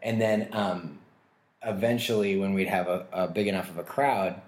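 Deep-voiced male comedian guest, loose rambling storyteller, roomy sound. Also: steady tone, normal speed. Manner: rambling, self-mocking, laughs often. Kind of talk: casual storytelling interview. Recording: roomy echo.

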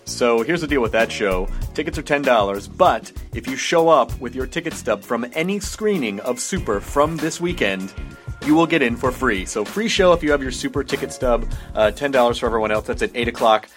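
A man's voice: mid-range voice, animated, fairly quick, soft background music. A man hosting a podcast, reading announcements casually with joking asides. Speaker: podcast host.

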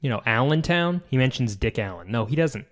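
A man hosting a solo podcast, rambling and joking and often trailing off into quiet mumbles. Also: mid-range voice, lively intonation, brisk. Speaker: podcast host. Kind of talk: casual solo podcast chat.

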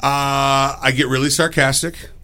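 A man's voice: medium pitch, little pitch movement, a little slow, sharp tone, a little hiss or hum. A man on a podcast giving blunt, profane advice in a sarcastic, casual way. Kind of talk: casual chat.

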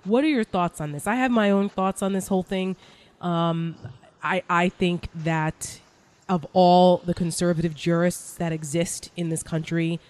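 A woman's voice: fairly low pitch, steady tone, measured pace, a little mellow. Woman, host, sarcastic, laughs often, casual political chat.

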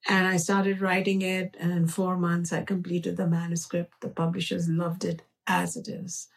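A woman with an Indian accent, an author being interviewed, speaking in a slow, reflective and earnest way. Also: lowish voice, completely flat delivery, creaky, far from the mic. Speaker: author guest. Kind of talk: conversational interview.

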